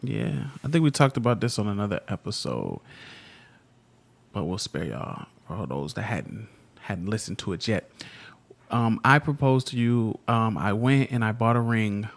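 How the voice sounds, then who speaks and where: A man's voice: on the low side, sing-song, moderate pace, creaky. A man in his thirties co-hosting a podcast with his wife, telling stories in a laid-back, slangy way. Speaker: podcast co-host. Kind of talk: casual couple chat.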